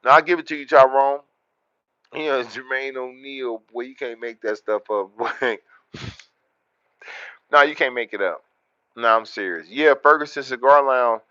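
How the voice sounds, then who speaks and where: A man hosts a livestream, talking to his chat in loud, boastful street slang. His voice sits in a middle register. The sound is dry and a little dull. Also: mid-range voice, no room sound. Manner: loud, boastful street slang, repeats words in rapid runs. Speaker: livestream host. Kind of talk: casual livestream chat, reading the chat.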